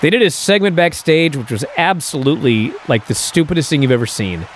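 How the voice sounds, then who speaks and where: Male host, casual recap, bouncy intonation, soft background noise. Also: fairly high pitch, fairly quick. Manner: animated, incredulous storytelling with many fillers. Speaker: podcast host.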